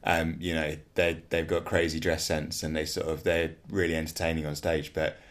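A man's voice: very deep voice, little pitch movement, normal speed. A man co-hosting a podcast, chatting casually about bands and hedging with lots of filler phrases. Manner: rambling, hedging with "sort of" and "you know". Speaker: podcast co-host. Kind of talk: casual chat about live music.

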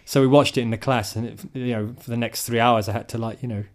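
A man's voice: medium pitch, steady tone, fast talker. Chatty man hosting a podcast. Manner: chatty, jokey, steers the talk between topics. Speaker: podcast host. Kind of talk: casual chat about live music.

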